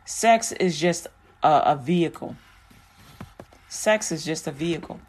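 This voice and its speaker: Woman doing a chill bible study, slow and blunt, jokes around, lots of ums. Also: low voice, darkish tone. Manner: frank and joking, with lots of fillers. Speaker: Bible teacher. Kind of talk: casual Bible teaching.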